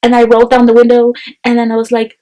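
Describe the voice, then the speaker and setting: A young woman telling a story in a casual vlog, chatty and animated, peppering her talk with "like". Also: a little high, quick pace, rough recording. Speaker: vlogger.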